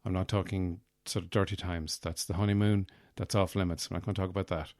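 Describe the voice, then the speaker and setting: A man's voice: low-pitched, level tone, fast talker, darkish tone, dry recording. A man hosting a podcast in a rambling comic monologue, meandering and self-mocking, with many fillers, on a close mic. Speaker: podcast host.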